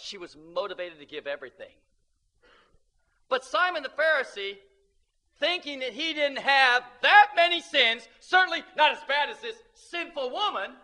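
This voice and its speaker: A male preacher delivers a sermon in an emphatic, animated way and calls for amens. His voice sits high and swings widely in pitch. His tone is very bright and forceful.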